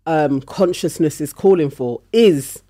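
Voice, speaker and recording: A man's voice: a little high, measured pace, mellow. A man co-hosting a casual podcast chat, talking reflectively and thinking aloud with hedges.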